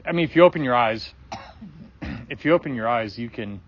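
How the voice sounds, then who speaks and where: A man's voice: mid-range voice, expressive, normal speed, fairly bright tone. A man telling a personal story in casual talk, loose and rambling, with many fillers and restarts and plenty of swearing. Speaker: guest sharing a personal story. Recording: dull lo-fi recording.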